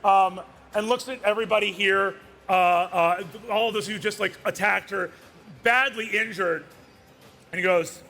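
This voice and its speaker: A man narrating as dungeon master at a live tabletop game, relaxed and full of fillers. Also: high-pitched, moderate pace, gravelly.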